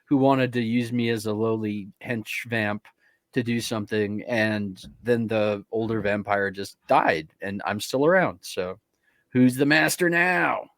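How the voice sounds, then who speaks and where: Slow-talking, amused man at a game table. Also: fairly low pitch, fairly bright tone, dry recording, studio quality. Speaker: player. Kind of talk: casual game-table chat.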